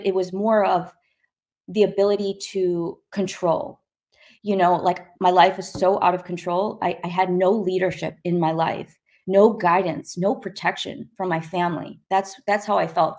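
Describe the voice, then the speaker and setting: Woman telling her story, animated and conversational. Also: mid-range voice. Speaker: guest sharing her testimony. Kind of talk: personal testimony, conversational storytelling.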